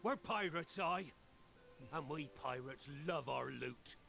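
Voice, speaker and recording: An actor playing an older, gruff pirate captain who talks in old-fashioned pirate speech and gives stern, rousing speeches. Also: male voice, a little high, lively intonation, slow pace, pushed and bright, full character voice. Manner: scolding, rousing oratory. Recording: game audio under music.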